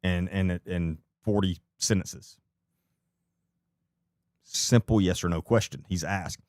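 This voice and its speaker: Man, low voice, dry close sound, blunt live-stream commentator; swears, repeats his questions. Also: slow, a little mellow, dry recording.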